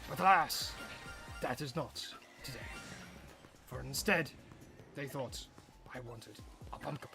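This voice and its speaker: A woman's voice: extremely low pitch, unhurried, vocal fry, music in the background. A woman streaming a game and chatting casually, playful and given to mock-dramatic narration and whispered asides. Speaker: gaming livestreamer.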